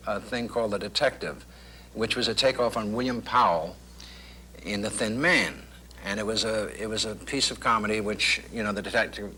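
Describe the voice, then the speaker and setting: A middle-aged man, a comedian, talking through his career in a relaxed, anecdotal way on an old television talk show. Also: lowish voice, a little hiss or hum. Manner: thoughtful, anecdotal, with clipped impressions. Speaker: comedian guest.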